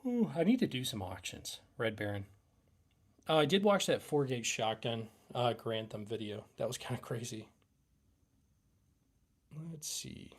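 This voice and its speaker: A man's voice: medium pitch, expressive, measured pace, long pauses. A young man hosting a casual live Q&A stream, rambling and reading chat aloud with lots of fillers. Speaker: livestream host.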